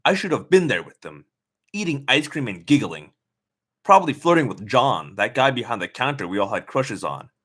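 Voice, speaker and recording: A man's voice: medium pitch, sing-song, moderate pace, a bit bright, husky. Man reading a novel with snarky asides. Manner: sarcastic comments on the text. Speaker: reader.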